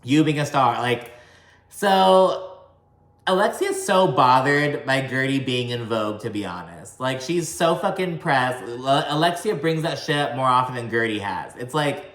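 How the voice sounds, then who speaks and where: A man recapping a reality show in a casual, profane vlog, talking fast and slurring words together, with a slight country twang. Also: medium pitch, lively intonation, fairly bright tone, echoey room. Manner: chatty, swears often, says "like" a lot.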